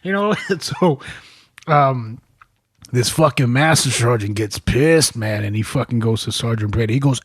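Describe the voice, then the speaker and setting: Brief: veteran man spinning rowdy stories, crude and animated, mid-pitched, dry studio mic. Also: moderate pace, husky, no room sound. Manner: profane, animated, laughing between lines. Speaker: military veteran telling stories. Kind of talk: casual podcast storytelling.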